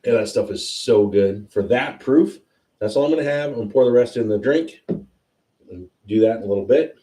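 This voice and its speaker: A man hosting a whiskey tasting livestream, chatting casually and excitedly as he tastes. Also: mid-range voice, normal speed, distant mic. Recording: roomy sound, a bit off-mic.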